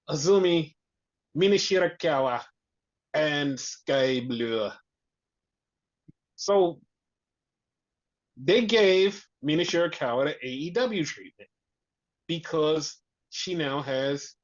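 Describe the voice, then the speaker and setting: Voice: mid-range voice, dull audio. A podcast co-host in casual chat recapping wrestling, swearing freely and acting out what people said. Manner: animated, swears freely, acts out quotes.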